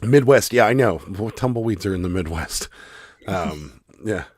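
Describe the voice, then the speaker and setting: A man co-hosting a casual live stream, hoarse from losing his voice, chuckling as he reads viewer comments aloud. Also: on the low side, animated, moderate pace, noisy background. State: hoarse, voice mostly lost. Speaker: co-host of a live resale stream.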